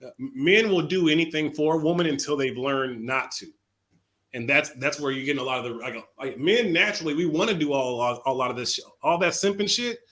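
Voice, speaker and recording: A man's voice: a little high, brisk, fairly bright tone. A man chatting on a talk show in a laid-back, blunt and profane way. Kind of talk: casual chat.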